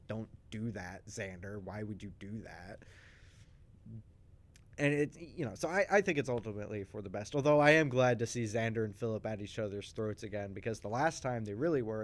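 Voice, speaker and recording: A man in casual chat, recapping soap opera plot twists for a stream with animated storytelling, frequent restarts and asides. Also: medium pitch. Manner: acts out characters' lines in quick voices.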